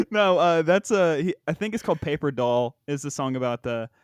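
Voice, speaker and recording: Young male host, rambly and filler-heavy, bouncy pitch, dry room. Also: animated, normal speed, clean tone, no echo. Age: young adult. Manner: rambling, many fillers, says "bro", laughs often. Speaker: podcast host. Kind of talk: casual podcast chat.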